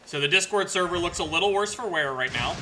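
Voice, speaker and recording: A man's voice: high voice, animated, fast, background noise. A young man streaming a video game at home, chatting casually and joking, laughing often and mimicking the characters. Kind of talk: casual livestream commentary.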